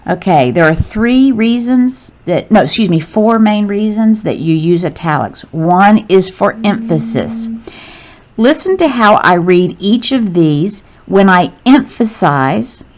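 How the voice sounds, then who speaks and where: A woman's voice: mid-range voice, expressive, measured pace, darkish tone. A woman teacher explaining grammar rules step by step, patiently correcting herself as she goes. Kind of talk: grammar lesson narration. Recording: dull lo-fi sound.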